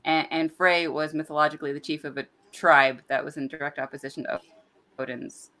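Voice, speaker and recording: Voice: mid-range voice, fairly even intonation, fairly quick, sharp tone. A podcast co-host in casual chat, speaking hesitantly and trailing off while explaining myths.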